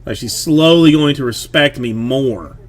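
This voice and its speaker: A man's voice: mid-range voice, a little slow. Man, thirties, a streamer and dad, casual rambling chat, heavy on fillers. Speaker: streamer, father of a young daughter.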